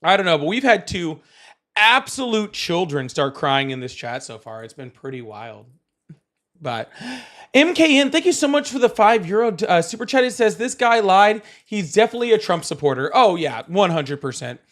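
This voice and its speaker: A man's voice: high voice, sing-song, moderate pace, a bit bright. A young man hosting a live call-in political stream, talking casually and mocking his callers with sarcasm.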